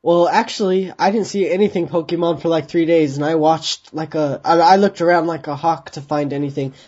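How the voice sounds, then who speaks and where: A man's voice: on the high side, fairly even intonation, fairly quick, a little mellow. A man hosting a podcast in a casual, teasing way. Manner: teasing, joking. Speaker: podcast host. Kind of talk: casual chat. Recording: dull lo-fi voice chat.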